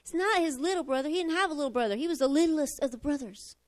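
High-pitched woman preaching a sermon, on the edge of tears, goes loud then soft and confessional. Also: fast. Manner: expressive and confessional, swinging from loud to hushed, tearful at times. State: close to tears. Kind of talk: emotional sermon.

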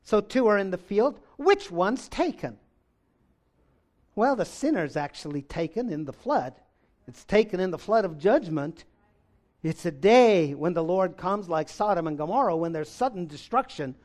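A man preaching a sermon, reading scripture aloud and swinging between loud exclamations and low, intense stretches. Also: animated, normal speed.

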